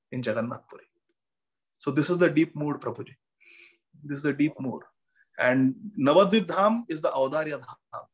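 A man's voice: on the high side, poor audio. A man giving a devotional class over an online call, telling the story and repeating key phrases for emphasis. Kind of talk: devotional lecture. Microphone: online video call.

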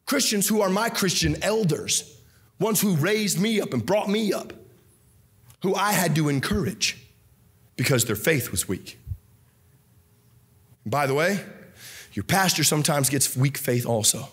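A young man preaching a fervent sermon as pastor to a congregation in a church, often shouting. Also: expressive, measured pace, pauses often. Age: young adult. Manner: fervent, often shouting, wide swings in pitch. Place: church sanctuary before a congregation.

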